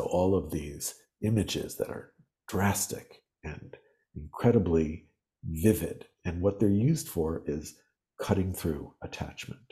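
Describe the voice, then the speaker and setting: A man talking as a podcast guest, explaining ideas in earnest, animated storytelling. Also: sits low. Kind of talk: reflective interview talk.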